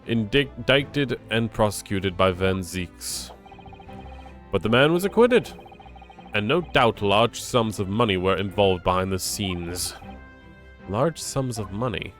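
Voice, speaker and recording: A man reading the lines of a stern, formal older male lord in a game, measured and authoritative. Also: fairly low pitch, close to an everyday voice.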